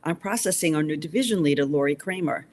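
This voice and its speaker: A woman reading as a brisk office administrator. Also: low voice, expressive, darkish tone. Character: busy female camp office administrator.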